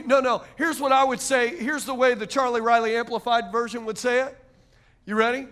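High-voiced energetic male pastor preaching. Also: a little fast, clean tone. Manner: energetic preaching, dropping to a hushed "praise God". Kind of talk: sermon.

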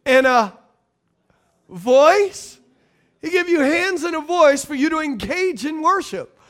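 A middle-aged man preaching a sermon as pastor, calling out to the congregation and swinging between loud and quiet. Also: very high voice, lively intonation, slow.

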